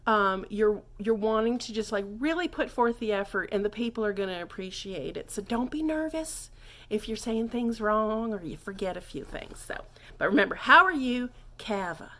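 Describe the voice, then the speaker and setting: A woman's voice: a little high, fairly bright tone. A woman playing a scatterbrained character who gives a clumsy French lesson, rambling off on tangents and stumbling over phrases. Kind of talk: comedic mock lesson monologue.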